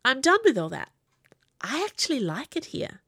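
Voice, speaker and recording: A woman's voice: sits high, huge pitch swings, normal speed, a bit bright, breathy edge, dry recording, clean studio sound, pitched above the performer's own voice, heavily acted. Woman voicing a proud young female cadet.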